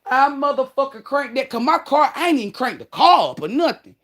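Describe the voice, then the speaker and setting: A woman telling a profane, animated story straight to her viewers, calling them "y'all" and "baby", with emphatic outbursts. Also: high voice, a little fast. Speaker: online creator.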